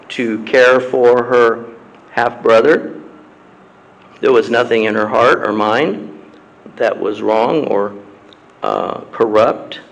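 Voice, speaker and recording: Guy preaching in church, reads scripture real slow and careful, clears his throat a lot, middle-pitched voice. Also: poor audio. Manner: slow, measured delivery with long pauses and frequent throat-clearing. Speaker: pastor. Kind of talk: sermon, reading scripture aloud.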